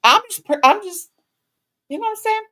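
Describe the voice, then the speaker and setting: A woman's voice: extremely high pitch, expressive, fairly quick, pushed and bright. A woman hosting a casual live chat, rambling in a folksy way and calling people "sugar" and "honey.". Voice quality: folksy, rambling talk with Southern-style endearments. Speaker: channel host.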